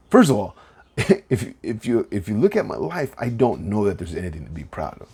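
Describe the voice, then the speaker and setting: A man in his thirties talks alone into his podcast mic, earnest and emotional, stumbling over repeated words. His voice is gravelly, dark and a little husky, and it is close to breaking. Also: medium pitch, huge pitch swings, fairly quick. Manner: earnest, repeats words when starting sentences. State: emotional, near tears. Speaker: podcast host. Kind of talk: heartfelt solo podcast rambling.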